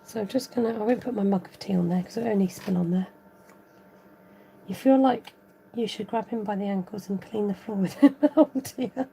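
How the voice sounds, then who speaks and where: A woman's voice: medium pitch, fairly quick, vocal fry, mellow, a little hiss or hum. A woman chatting casually and giggling as she demonstrates a papercraft tutorial at home. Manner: chatty, giggly, talks while working. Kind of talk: casual crafting tutorial chat.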